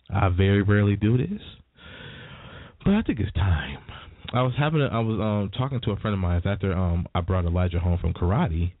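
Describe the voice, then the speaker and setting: A man hosting a morning radio show, telling stories in a chatty, animated way and laughing along. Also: sits low, brisk, dry recording. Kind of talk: casual radio talk and storytelling. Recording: dry, tinny phone-like sound.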